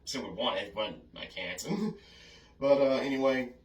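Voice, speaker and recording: A man's voice: medium pitch, a little slow, recorded from a distance. Casual male vlogger, rambling and apologetic, recorded in an echoey room away from the mic. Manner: chatty, apologetic, frequent "oh, goodness" and chuckles. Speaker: film reviewer vlogger. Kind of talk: casual rambling film memories.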